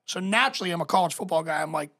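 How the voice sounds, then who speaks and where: Husky guy on a podcast. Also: fairly high pitch, very fast, bright, forceful tone. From Boston. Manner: laid-back, profane storytelling. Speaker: podcast co-host. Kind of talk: casual chat.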